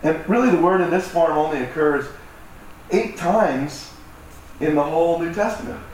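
The preacher's voice is fairly high with a darkish tone, moving at ordinary speed. Conversational and self-deprecating, he acts out voices, recorded from a distance in an echoey hall with faint noise.

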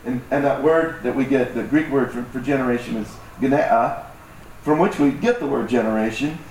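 A man's voice: medium pitch, normal speed, a little mellow, distant mic. A man preaching a conversational sermon as pastor, joking about himself and acting out voices. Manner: conversational, self-deprecating, acts out voices. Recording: echoey hall, mic from afar, faint noise.

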